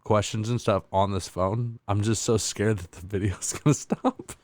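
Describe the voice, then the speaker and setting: Deep-voiced, rambling podcast host man. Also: fairly even intonation, moderate pace, darkish tone, no echo. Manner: rambling, hesitant, many fillers. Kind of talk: casual chat.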